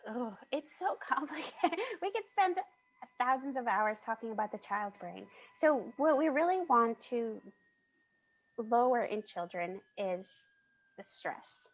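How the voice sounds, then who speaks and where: Woman, museum consultant, lively explaining, creaky fry, dull call audio. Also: on the high side, unhurried. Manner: animated, laughs while explaining. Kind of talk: presenting on a panel. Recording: muffled video call audio.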